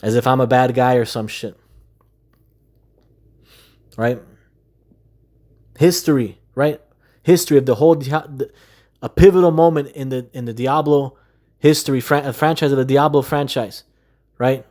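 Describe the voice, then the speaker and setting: A gaming video creator rants to camera in an aggrieved, exasperated monologue. His medium-pitched, darkish voice moves at a moderate pace with frequent pauses, and he swears often while hammering the same rhetorical questions.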